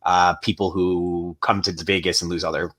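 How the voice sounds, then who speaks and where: A man's voice: sits low, flat delivery, moderate pace, a bit bright. Man rambling at a tabletop game. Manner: rambling, many fillers and restarts. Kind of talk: casual game chat.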